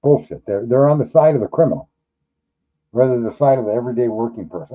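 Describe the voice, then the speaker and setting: A man's voice: mid-range voice, fast talker, lo-fi sound. Blunt, profane New man. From New York. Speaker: livestream host. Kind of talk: casual livestream chat.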